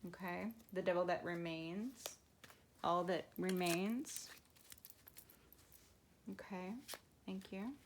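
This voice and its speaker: Slow, gravelly-voiced woman reading tarot. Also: on the low side, fairly even intonation, background noise. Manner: slow, musing, laughs often. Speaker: tarot reader. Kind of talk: casual channeled tarot reading.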